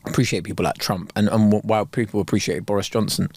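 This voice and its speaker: A man's voice: fairly low pitch, fairly even intonation, fast talker, gravelly, a little mellow, breathy edge, no room sound, clean studio sound. A man co-hosting a comedy podcast, chatting casually in swearing, slangy banter. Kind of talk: casual chat.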